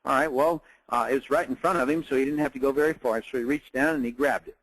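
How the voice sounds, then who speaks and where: A man's voice: mid-range voice, fairly even intonation, fast talker, fairly bright tone, poor audio. A middle-aged man giving a webinar business training in a casual, storytelling way, with lots of fillers. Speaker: network marketing trainer.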